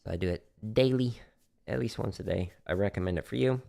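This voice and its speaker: A man's voice: fairly low pitch, fairly quick, gravelly. A man giving a casual, instructional drum lesson on a livestream from his practice room, talking through technique with fillers. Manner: relaxed instructional talk with fillers. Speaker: drum teacher. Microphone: studio microphone near drum setup.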